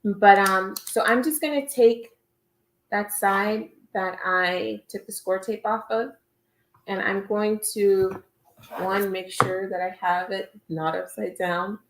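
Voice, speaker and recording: A woman's voice: medium pitch, steady tone, slow, echoey room, slight background noise, rough recording. A woman co-hosting a casual crafting livestream, talking cheerfully through her steps with lots of fillers.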